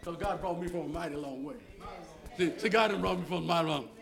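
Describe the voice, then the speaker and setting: An older man preaching a lively, playful church sermon, hollering and calling out to the congregation. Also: on the high side, fast talker, creaky, faint music behind. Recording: echoey church room with crowd noise.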